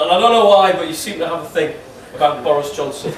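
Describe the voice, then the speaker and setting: A man giving a wedding speech, teasing and halting with many ums and restarts. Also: on the high side, noisy background. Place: wedding reception hall. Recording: echoey hall, distant mic, laughing crowd. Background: guests laughing.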